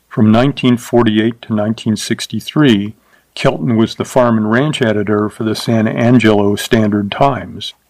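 A man narrating a short story in a steady, even storytelling voice, adding light character voices. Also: lowish voice, dry recording, rough recording. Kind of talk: scripted audiobook narration.

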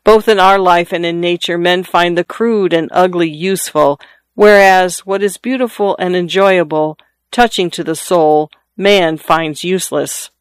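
A reader voicing a skeptical old father who grumbles and philosophizes, in a smooth, dry voice. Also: mid-range voice, steady tone, measured pace, no room sound, close to an everyday voice. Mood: musing. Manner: wry, philosophizing, growls.

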